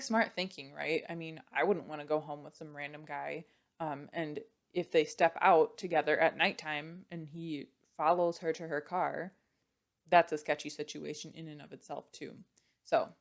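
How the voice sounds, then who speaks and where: A woman's voice: low voice, moderate pace. A young woman casually retelling a true crime story, chatty and full of "like" and "you know".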